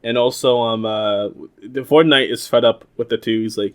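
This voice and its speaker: A man's voice: medium pitch, moderate pace, a bit bright. A young man co-hosting a casual podcast, recapping an episode in a loose, rambling way. He laughs often and swears freely. He acts out the lines he quotes in goofy voices. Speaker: podcast co-host.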